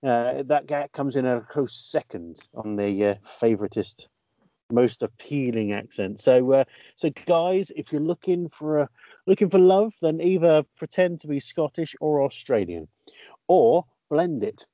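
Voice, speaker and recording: Lively radio presenter man, muffled sound. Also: medium pitch, unhurried, no room sound. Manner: quizzing co-hosts, playful. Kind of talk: radio chat.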